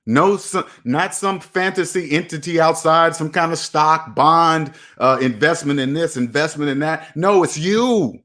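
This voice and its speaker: Man, 40s, slightly high voice, repetitive motivational finance monologue, preachy. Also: fairly even intonation, measured pace, few pauses, sharp tone. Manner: preachy, repeats himself, talks to himself by name. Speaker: personal finance video host.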